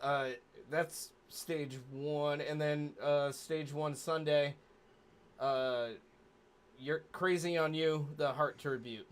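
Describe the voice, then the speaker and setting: A man's voice: a little high, fairly even intonation, slow pace, clean tone. A man co-hosting a casual stream, laid-back and crude, with many fillers. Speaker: podcast co-host. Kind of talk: casual profane chat.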